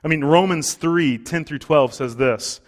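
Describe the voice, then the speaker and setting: A man's voice: a little high, measured pace. A man preaching a sermon in a conversational way, with fillers and restarts, as pastor of the congregation.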